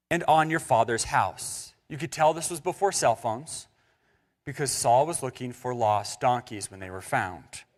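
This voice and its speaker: A man's voice: fairly high pitch, big-room sound. A male pastor preaching a sermon, reading scripture and acting out biblical characters in casual, chatty voices. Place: church sanctuary.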